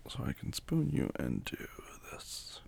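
A young man in a whispered role-play as a caring boyfriend, speaking softly and tenderly, with quiet laughs and murmured hums. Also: fairly low pitch, animated, slow pace, gravelly, a little hiss or hum.

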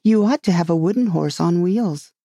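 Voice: mid-range voice, normal speed, mellow, no room sound, clean studio sound, close to an everyday voice. A reader voicing a polite, curious young girl in a storybook reading, raising the voice for her exclaiming lines.

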